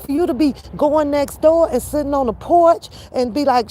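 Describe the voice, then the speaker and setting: Brief: woman, fairly high voice, cursing reaction-channel ranter, steady noise behind her. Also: measured pace, creaky. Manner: blunt and profane, repeats phrases for emphasis. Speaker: reaction commentator. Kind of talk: casual opinion rant.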